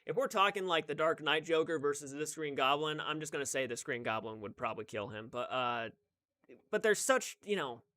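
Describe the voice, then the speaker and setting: A man's voice: on the high side, animated, brisk, pushed and bright. A young man hosting a casual live stream, chatting and greeting viewers by name, often restarting his sentences.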